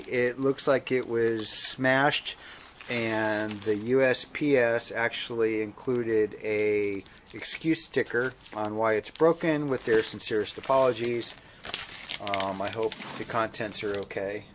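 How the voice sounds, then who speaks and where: A man's voice: medium pitch, a bit bright, slight background noise. A male vlog host casually reading viewer mail, with a laid-back manner and dry humor, playing along with joke letters. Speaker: motorcycle channel host.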